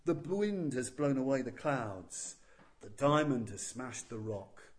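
A man's voice: medium pitch, animated, slow. A man chanting as two tiny magical animals. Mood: triumphant. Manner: chanting a sing-song victory verse.

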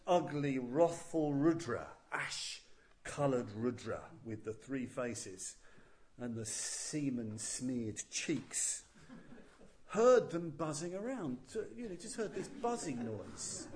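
A man telling a legend as a Buddhist teacher, unhurried and deliberate. His voice sits a little high for a man, and he drops in playful, chuckling asides to his listeners. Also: darkish tone. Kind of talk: storytelling talk.

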